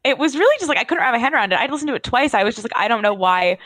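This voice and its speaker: A woman's voice: high voice, expressive, very fast, fairly bright tone, dry recording. A woman co-hosting a gossip podcast, chatty and self-mocking, with frequent "like". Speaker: podcast co-host. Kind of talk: casual celebrity gossip chat.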